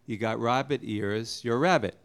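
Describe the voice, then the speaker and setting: A man's voice: mid-range voice, moderate pace, fairly bright tone, close to an everyday voice. A man voicing an easygoing, matter-of-fact blind male snake in a joke told at an open mic.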